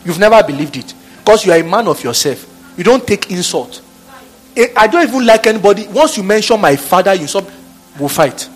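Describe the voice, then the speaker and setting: High-voiced preacher man. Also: fairly quick, faint music behind. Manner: animated, laughing, acting out office scenes. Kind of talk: sermon.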